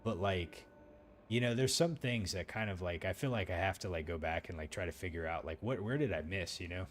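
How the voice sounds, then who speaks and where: A man's voice: deep voice, a little fast. A man hosting a let's play, giving loose, rambling commentary full of fillers as he plays.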